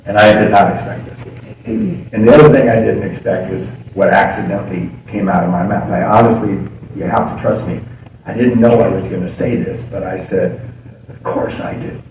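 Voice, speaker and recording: A man's voice: fairly low pitch, fairly quick, darkish tone, lo-fi sound. A middle-aged man speaking at a recovery meeting, telling his story in a confiding way and laughing often. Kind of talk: recovery story told from a podium. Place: meeting hall. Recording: echoey hall, distant mic, background noise.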